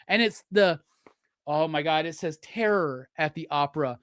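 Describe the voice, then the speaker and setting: A man hosting a live stream, unboxing gifts and gushing with loud, profane excitement. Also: fairly high pitch, unhurried, smooth, dry recording, clean studio sound. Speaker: live show host.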